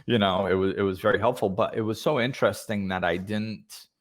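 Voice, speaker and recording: Deep-voiced reflective male podcast host. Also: steady tone, brisk. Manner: thoughtful, hesitant, many fillers and restarts. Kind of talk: reflective conversational talk.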